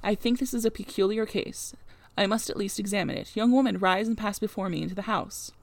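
A woman voicing a calm, grave young gentleman who speaks in a measured, authoritative way, in her own voice. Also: mid-range voice, gravelly, natural voice.

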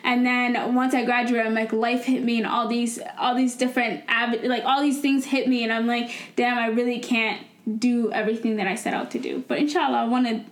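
A woman's voice: fairly high pitch, steady tone, fairly quick, hardly any pauses, roomy sound. A woman in her twenties co-hosting a casual podcast chat, talking earnestly and rambling with restarts. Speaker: podcast co-host.

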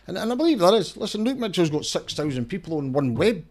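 A middle-aged campaigner and lawyer from Scotland talks fast and very animatedly as a guest in a casual interview, barely pausing. His voice is on the high side with a darkish tone. He's emphatic, often restarting and repeating words and checking "right?"

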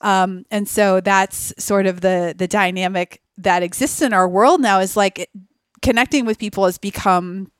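Smooth-voiced woman chatting on a podcast. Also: mid-range voice, moderate pace, no echo, studio quality. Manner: chatty, thinks aloud with many fillers. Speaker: podcast guest. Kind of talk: casual conversational interview.

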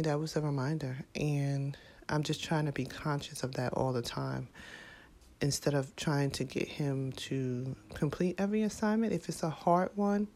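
A woman, a mother, speaking to camera in a casual, heartfelt way, reflective and halting, with many fillers and restarts. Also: low-pitched, a little mellow. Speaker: parent vlogger.

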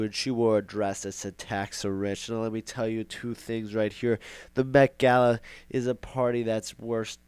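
A man's voice: medium pitch, a little mellow, clear, resonant tone, dry recording. A young man hosting a casual podcast monologue, rambling and sarcastic, repeating himself for effect. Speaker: podcast host.

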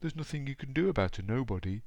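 A man's voice: medium pitch, expressive, fast, gravelly, darkish tone, no room sound, dull audio, voice pushed up. A man doing a weepy, see-through storybook nobody. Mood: mournful. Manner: sobbing, mournful delivery.

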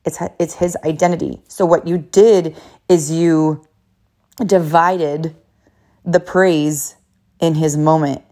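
A woman's voice: sits low, slow, long pauses. Chatty mother telling a family story. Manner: chatty, many "like" fillers, quotes others in animated voices. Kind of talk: casual storytelling to viewers.

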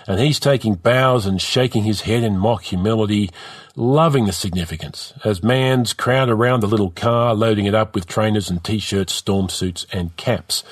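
A man's voice: lowish voice, moderate pace, no echo, clean studio sound. A man narrating a story in a vivid, rhythmic reading.

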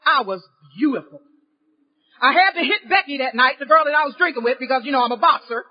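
Woman, very high voice, frank humorous storyteller at a recovery convention, dull lo-fi live tape. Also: fast. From Cincinnati, Ohio, USA. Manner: lively, candid storytelling with wry humor, sometimes raising her voice. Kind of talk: personal recovery story told to an audience.

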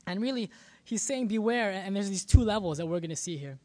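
A man's voice: sits high, lively intonation, a little fast. A man preaching a sermon as a pastor, earnest and often repeating words as he searches for the next thought.

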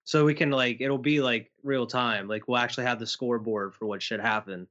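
Relaxed man planning a podcast. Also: mid-range voice, fairly quick, dull audio. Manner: relaxed, upbeat planning talk, swears casually. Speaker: podcast host. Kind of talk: casual chat.

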